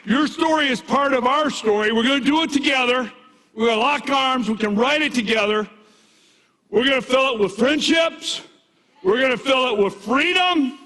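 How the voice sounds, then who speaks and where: An older man coaching his team in an energetic motivational stage speech, rallying and shouting to the crowd in a large event hall. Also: very high-pitched, normal speed. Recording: echoey hall reverb.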